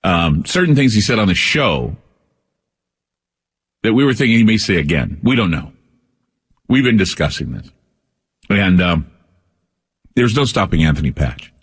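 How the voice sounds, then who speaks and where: Husky low-voiced male radio host. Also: big pitch swings, normal speed, long pauses, long reverb tail. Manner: rambling, anecdotal storytelling with frequent restarts. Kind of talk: radio talk monologue.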